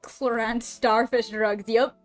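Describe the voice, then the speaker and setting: Woman streamer, goofy casual chat, higher voice, faint music behind. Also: flat delivery, slow pace. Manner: goofy, swears, riffs with chat.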